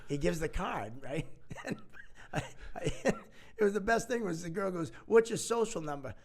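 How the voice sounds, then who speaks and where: A man's voice: sits high, animated, normal speed. A man co-hosting a podcast, telling a story in casual chat and often breaking into laughter. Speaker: podcast co-host.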